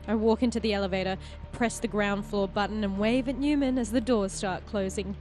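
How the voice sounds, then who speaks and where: A woman's voice: mid-range voice, faint music behind. Woman reading game text dramatically. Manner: expressive storytelling narration, quick to laugh. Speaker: player and host of a game playthrough.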